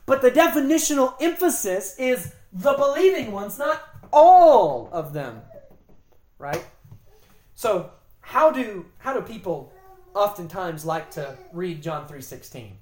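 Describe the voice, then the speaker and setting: A woman's voice: on the high side, darkish tone, echoey room. A woman giving a Bible lesson, explaining the grammar of a verse with emphatic repetition. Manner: emphatic, explanatory, repeats key phrases. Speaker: Bible teacher. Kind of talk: Bible teaching on scripture and grammar.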